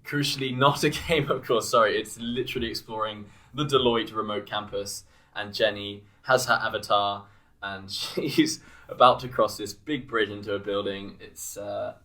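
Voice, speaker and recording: A man's voice: lowish voice, steady tone, normal speed, bright, forceful tone. A young British man co-hosting a comedy podcast, chatting casually and playfully reading out social media posts. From Britain. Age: young adult. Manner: playful, reads posts aloud with mock voices. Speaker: podcast co-host.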